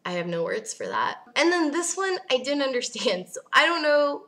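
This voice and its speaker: A woman's voice: high-pitched, big pitch swings, moderate pace, bright, forceful tone. A young woman vlogging casually, ranting bluntly and sarcastically, swearing and laughing as she answers viewer questions.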